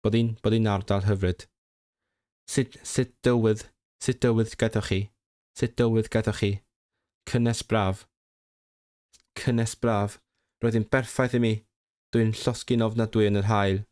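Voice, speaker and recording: Smooth-voiced man studying Welsh aloud. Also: lowish voice, steady tone, moderate pace, pauses often, darkish tone, no echo, studio quality. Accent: non-native Welsh learner. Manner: thinks aloud, reads Welsh sentences aloud, self-corrects and repeats words. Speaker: language learner streamer. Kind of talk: casual livestream study session.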